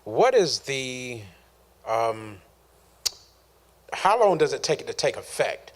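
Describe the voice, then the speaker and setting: A man reading a question from online viewers, pausing and correcting himself as he goes. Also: mid-range voice, sing-song. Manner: hesitant, searching for words. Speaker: question reader.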